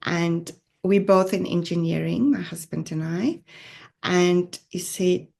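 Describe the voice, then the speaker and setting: A woman from South Africa with a South African accent, a podcast guest telling her own story in an earnest, reflective way, with soft laughs. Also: on the low side, takes it slowly, creaky. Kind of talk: personal storytelling interview.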